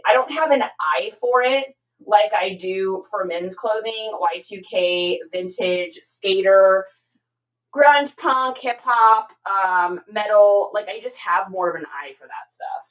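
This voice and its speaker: A woman's voice: medium pitch, lo-fi sound. A woman hosting a casual livestream from home, talking through her reselling work in a rambling, chatty way and reading out viewer comments. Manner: chatty and rambling, many fillers, reads chat aloud.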